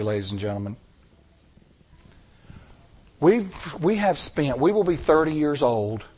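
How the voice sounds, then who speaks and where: A man's voice: mid-range voice, darkish tone. A middle-aged man preaching a sermon, telling stories with acted-out dialogue and repeating phrases for emphasis. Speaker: church elder preaching.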